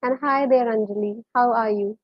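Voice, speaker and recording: A woman's voice: steady tone, moderate pace, dry recording. A woman with a Malayali English accent teaching a live-streamed English lesson, switching between English and Malayalam and greeting viewers by name. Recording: muffled, low-fidelity stream audio.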